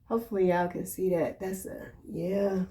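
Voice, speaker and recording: A woman giving a casual tarot reading in a chatty, slangy way, breaking into excited exclamations. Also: fairly low pitch, moderate pace. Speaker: tarot reader.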